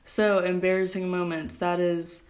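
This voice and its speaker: A woman's voice: fairly low pitch, flat delivery, unhurried. A teenage girl hosting her own podcast, chatting and ranting in a rambling, self-correcting way, recorded on a phone. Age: teens. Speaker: podcast host. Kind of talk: casual solo podcast rant.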